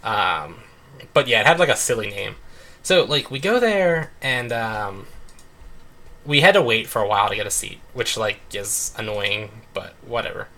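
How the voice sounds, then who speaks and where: Young man, bright voice, casual gaming chat, rambling, lots of filler words, home desk mic. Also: lowish voice, animated, moderate pace. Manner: rambling, full of "like" and "um". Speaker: let's play host.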